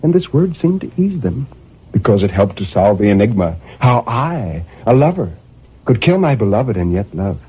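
Radio drama: a tormented imprisoned murderer, husky, intense, brooding to anguished; old tinny broadcast sound. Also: male voice, fairly low pitch, big pitch swings, moderate pace, exaggerated voice. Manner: intense, surging from brooding murmurs to anguished cries. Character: tormented male murderer pacing his prison cell.

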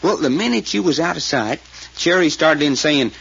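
A man's voice: on the high side, lively intonation, normal speed, creaky, fairly bright tone, breathy edge, full character voice. An actor playing a folksy male sidekick who recounts events in a drawl with rural grammar, in 1940s radio acting style. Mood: earnest. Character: folksy adult male sidekick telling what he saw. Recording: lo-fi old radio recording with faint hiss.

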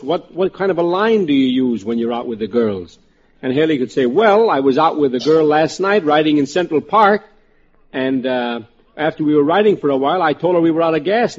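Chatty man pitching jokes, slightly high. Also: a little mellow, husky. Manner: chatty, hesitant, full of fillers. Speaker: comedy writer panelist. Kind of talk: pitching jokes on a radio panel. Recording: muffled old radio broadcast with studio audience.

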